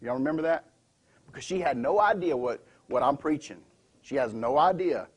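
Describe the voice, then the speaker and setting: Emphatic pastor, husky and high. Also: male voice, expressive, moderate pace. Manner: emphatic, asks the congregation questions. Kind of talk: sermon. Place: church sanctuary.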